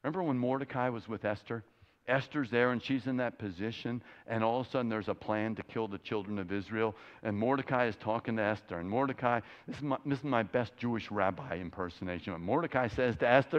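A man's voice: fairly low pitch, quick pace, dull audio. A middle-aged man from Florida, giving a passionate, emphatic sermon full of rhetorical questions as a guest speaker. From Florida, USA.

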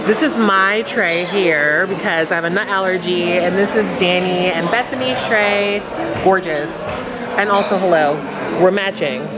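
A young woman vlogging in a gushing, upbeat way, full of fillers, going hoarse as she loses her voice. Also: lowish voice, normal speed, a loud crowd. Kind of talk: casual vlog narration. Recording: loud background music.

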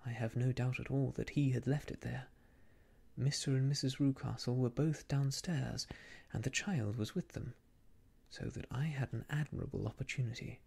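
A man reading a classic tale aloud in soft, hushed, whispered ASMR storytelling. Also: medium pitch, steady tone, normal speed, creaky, breathy edge.

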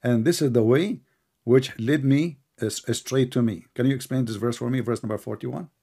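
Gravelly husky man with an Arabic accent. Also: mid-range voice, warm tone. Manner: mocking, interrupting, slow deliberate speech. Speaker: debate host. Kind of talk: heated online debate.

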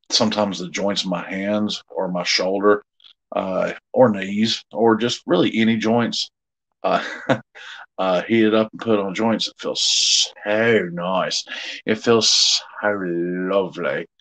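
A man's voice: on the low side, low-quality recording. A middle-aged man, chatting casually with viewers as co-host of a live jewelry sale, rambling and easygoing with many fillers.

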